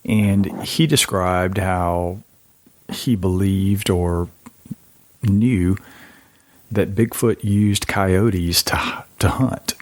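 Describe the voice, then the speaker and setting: Male podcast host, low voice, thoughtful and a bit hesitant, dry sound. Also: fairly even intonation, extremely slow, long pauses, no echo. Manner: thoughtful, slightly hesitant, repeats words. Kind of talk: interview chat.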